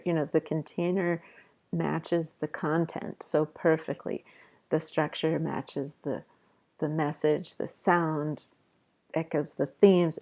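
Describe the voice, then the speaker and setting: A woman professor explaining poetry in a relaxed lecture, with fillers and restarts as she thinks aloud. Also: on the low side, vocal fry. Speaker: college professor. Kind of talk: literature lecture.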